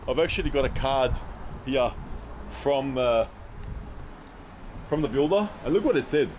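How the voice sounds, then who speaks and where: A man's voice: medium pitch, lively intonation, a little slow, long pauses, a little mellow, a little hiss or hum. A man touring a building site, pointing out defects in a blunt, exasperated, chatty way. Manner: blunt, exasperated, laughing at shoddy work. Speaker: building inspector. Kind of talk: walkthrough site inspection vlog.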